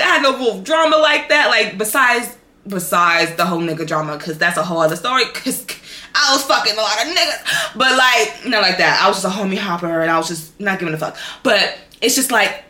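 Animated, profane young woman host. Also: a little high, fairly quick, roomy sound. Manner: candid, profane, animated, lots of fillers. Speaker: podcast host. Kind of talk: casual storytelling monologue.

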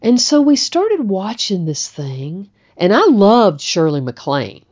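A woman's voice: medium pitch, big pitch swings, slow, a little mellow, muffled recording. A middle-aged woman, telling a personal story in a chatty, conversational way. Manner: chatty, conversational, with frequent "you know" and "like".

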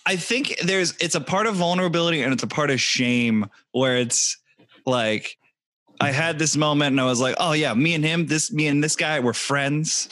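A man's voice: on the high side, normal speed, fairly bright tone, dry recording. A man in casual podcast chat who laughs easily and talks in an easy, chatty way. The sound is dry and close, with no room around it.

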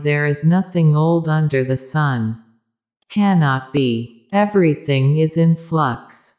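A woman giving a measured spiritual discourse, speaking directly to her listeners. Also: low-pitched, darkish tone.

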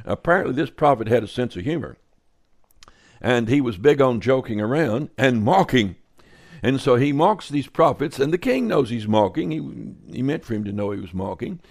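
A man's voice: mid-range voice, lively intonation, moderate pace. A man teaching a sermon in a conversational way, reading scripture aloud and adding wry, offhand comments. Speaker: Bible teacher.

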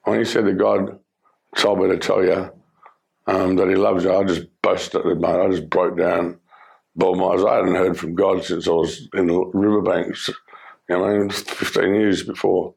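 A middle-aged Australian man with a deep, gravelly voice tells his life story as personal testimony. He speaks in a flat, level tone. His delivery is earnest and halting, full of fillers. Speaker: former criminal telling his life story.

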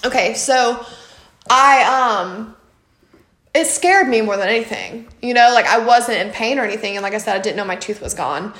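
A woman's voice: on the high side, moderate pace, fairly bright tone. A woman from Mississippi telling a story in a casual podcast chat, laughing often and using lots of fillers. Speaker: podcast co-host. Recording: echoey room.

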